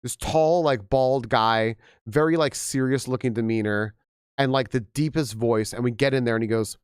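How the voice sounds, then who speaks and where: A young man chatting casually on a game stream, rambling and animated with frequent restarts, slightly hoarse from losing his voice. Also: mid-range voice, normal speed, dry recording, studio quality. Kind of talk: casual live-stream chat.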